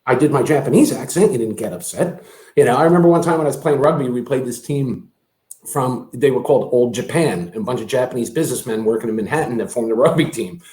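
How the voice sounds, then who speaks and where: A man chatting casually as a guest, halting, with restarts and laughs at his own stories. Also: mid-range voice, dark tone, reverberant. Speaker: guest, brother of the host. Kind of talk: casual chat.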